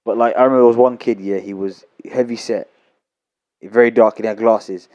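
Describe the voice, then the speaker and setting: A man, telling anecdotes in a relaxed, slangy chat. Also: on the low side, fairly quick, dull audio. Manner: storytelling, slangy. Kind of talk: casual chat.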